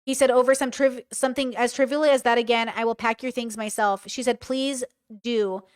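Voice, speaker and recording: Woman, sarcastic reaction host, swears freely, clear smooth voice. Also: fairly high pitch, steady tone, moderate pace. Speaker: commentary host. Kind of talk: reaction commentary, reading texts aloud.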